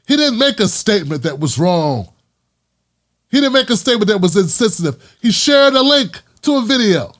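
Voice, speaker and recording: A male vlog host delivers an emphatic, opinionated commentary monologue. His voice sits high for a man, and he hammers his points with repetition. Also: a bit bright. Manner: impassioned, emphatic, repeats lines for punch.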